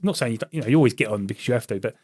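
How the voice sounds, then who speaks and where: Fast-talking army veteran. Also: male voice, mid-range voice, animated, darkish tone, husky, no echo, clean studio sound. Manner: quick, chatty, laughs at his own stories. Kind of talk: casual podcast chat, storytelling.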